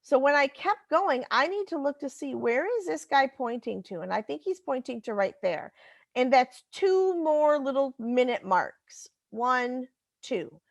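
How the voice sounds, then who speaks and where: A woman's voice: high-pitched, expressive, a little slow, gravelly, no room sound. A woman teacher talking through a recorded math lesson, patiently explaining step by step and correcting herself as she goes.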